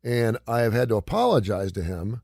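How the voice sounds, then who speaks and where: A middle-aged male radio host with a lowish voice, chatting in a relaxed way and reading news items aloud. The studio sound is dry and close, with no room around him. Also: a little fast, gravelly, no echo. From not from the South. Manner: chatty storyteller, reads headlines aloud. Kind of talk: casual radio talk.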